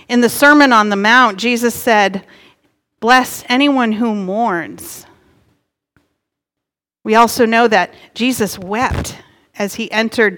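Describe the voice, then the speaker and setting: A woman pastor in middle age delivers a sermon from a church sanctuary. Her voice sits a little high and her preaching is earnest and gently emphatic. The sound carries a long, hall-like reverb.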